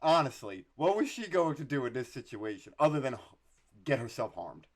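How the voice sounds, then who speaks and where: A man co-hosting a podcast, telling stories in an animated way, swearing freely and laughing often. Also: mid-range voice, brisk. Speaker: podcast co-host. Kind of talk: casual podcast chat.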